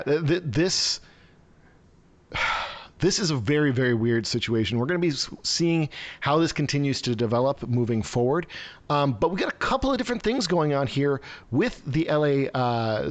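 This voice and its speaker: A man's voice: medium pitch, animated, moderate pace. Man, live stream host, sarcastic, rambling, lots of uhs, video call audio. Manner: rambling, sarcastic, many fillers and restarts. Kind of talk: casual news commentary.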